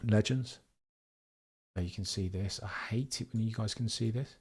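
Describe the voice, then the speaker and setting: A young man hosting a live race watchalong stream, chatting excitedly to his viewers. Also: lowish voice, normal speed, husky. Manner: excitable, chatty, talks straight to chat. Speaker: livestream host watching a race.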